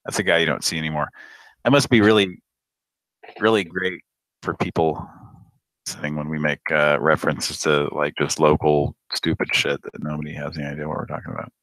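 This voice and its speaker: A man's voice: a bass voice, steady tone, brisk, fairly bright tone, dry recording, poor audio. A man hosting a live prank call show, chatting casually and rambling with lots of fillers and laughs. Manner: rambling, hesitant, laughs often.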